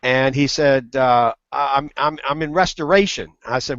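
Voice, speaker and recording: A man telling a funny business story on a web hangout, animated and acting out the quoted voices. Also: mid-range voice, unhurried, dry recording. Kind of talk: casual storytelling. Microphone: video call. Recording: muffled web call audio.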